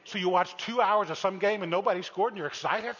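A man preaching a sermon, telling a story with animated, shouted exclamations and dropping to a soft tone for heartfelt appeals. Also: sits high, fast, big-room sound, dull audio. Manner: drops to a soft, intimate tone for appeals. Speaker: pastor.

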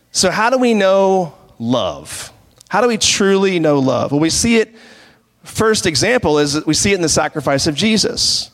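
A man's voice: high voice, sing-song, moderate pace. Preaching man in a reverberant hall. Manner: conversational preaching with rhetorical questions. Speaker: pastor. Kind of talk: sermon.

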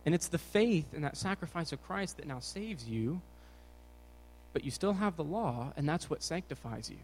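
A young man preaching a casual sermon to teenagers, energetic and jokey in his delivery. His voice sits a bit high for a man. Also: normal speed, a little hiss or hum, rough recording. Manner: energetic, jokey, bouncing around. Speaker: youth pastor.

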